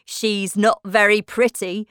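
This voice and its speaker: A woman voicing a proud, bossy female tiger lily in a storybook reading, speaking slowly, loudly and haughtily. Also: medium pitch, little pitch movement, clean tone, dry recording, studio quality. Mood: haughty. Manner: slow, loud, haughty delivery.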